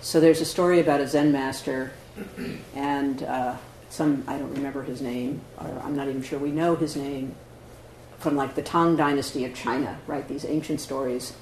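A man teaching in a relaxed, conversational way, checking in with his listeners as he goes. He speaks at a middle pitch. His voice rings in an echoey meditation hall with faint noise behind it. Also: normal speed. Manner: conversational, frequent "right?" and "you know". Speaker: Zen teacher giving a dharma talk. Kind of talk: dharma talk answering questions.

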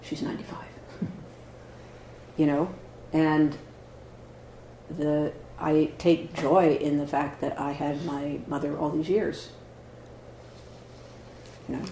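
Speaking slowly and pausing often, a man with a fairly high, slightly mellow voice and steady tone leads a dharma talk as a Zen teacher. He answers questions in a conversational style, peppered with "right?" and "you know." The meditation hall recording echoes and carries faint noise.

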